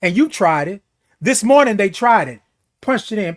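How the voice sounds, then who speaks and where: A man's voice: high voice, lively intonation, normal speed. A man hosting a motivational morning talk, preaching self-worth with repetition and playful beeping sounds. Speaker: host. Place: seated in a chair.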